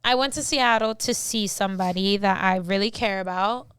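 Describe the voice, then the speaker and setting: A woman's voice: medium pitch, normal speed, fairly bright tone, clear, resonant tone, dry recording. A woman co-hosting a podcast, chatting casually in a brash, profane, joking way. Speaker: podcast co-host. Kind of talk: casual chat.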